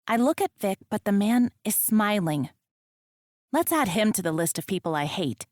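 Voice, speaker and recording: A woman reading a first-person romance audiobook, with a wry, expressive comic delivery into a close microphone. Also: mid-range voice, normal speed, dry recording. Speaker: audiobook narrator.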